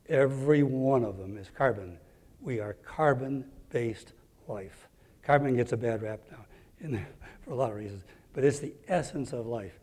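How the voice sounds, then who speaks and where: A man's voice: medium pitch, mellow. A man presenting a parish lecture, enthusiastic and informal, with casual asides. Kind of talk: live presentation. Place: church hall. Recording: reverberant hall.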